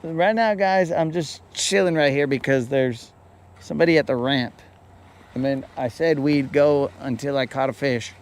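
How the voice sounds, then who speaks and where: A man's voice: mid-range voice, moderate pace. A man hosting a fishing show who tells a rambling, playful story in casual slang. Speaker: fishing podcast host.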